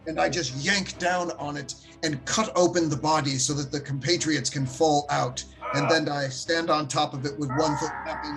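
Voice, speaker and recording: A man's voice: on the high side, fairly even intonation, normal speed, hardly any pauses, over music. Playful man narrating his rogue with flair. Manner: playful, boastful, theatrical in-character narration. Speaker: player. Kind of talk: tabletop role-play.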